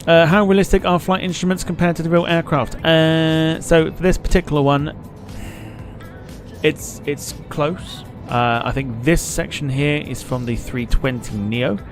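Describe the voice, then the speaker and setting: A man's voice: on the high side, unhurried, faint music behind. Chatty man hosting a stream. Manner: chatty, swears freely, reads chat aloud. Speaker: live-stream host. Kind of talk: casual live flight-sim stream commentary.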